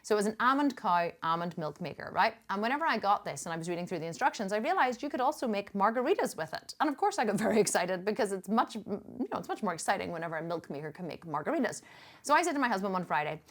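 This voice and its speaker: Talking fast in a sing-song, medium-pitched voice, this middle-aged Northern Irish fitness coach shares a story in her native accent. Her vlog delivery is chatty and emphatic, full of restarts and laughter.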